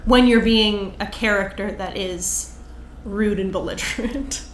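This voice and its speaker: A woman stand-up comic chats as a podcast guest in a lively, animated way, at times acting out other comics' rhythms. Her voice has a middling pitch and sits in a roomy space with a faint hiss behind it. The talk is loose and conversational. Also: measured pace. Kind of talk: casual conversation.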